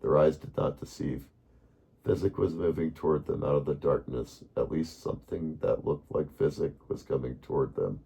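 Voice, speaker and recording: Man, bedtime story reader, extremely low voice, dark and husky, calm. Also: normal speed.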